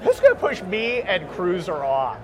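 A man co-hosting a podcast at a live event, joking loudly and calling out to people walking by. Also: sits high, huge pitch swings, normal speed. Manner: joking, loud, calls out to passersby. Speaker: podcast co-host. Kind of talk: casual chat at a live event. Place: busy conference floor. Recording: noisy crowded convention floor. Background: crowd chatter.

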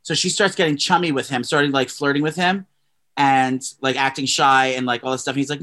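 A young male podcast co-host speaks at a medium pitch in a steady tone, brisk, pushed and bright. His casual, gossipy chatter rambles, full of fillers and false starts.

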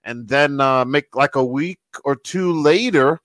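A man casually telling a backstage story as a guest, animated and quoting the people in it. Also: medium pitch, a little slow, dry recording, rough recording. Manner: animated storyteller who quotes other people. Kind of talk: casual anecdote.

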